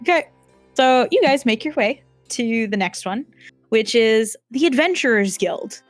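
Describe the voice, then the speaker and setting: A woman's voice: on the high side, lively intonation, measured pace, dry recording, soft background music. Rambling woman game master. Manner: chatty, rambling, frequent "like" fillers. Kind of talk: narrating a tabletop game.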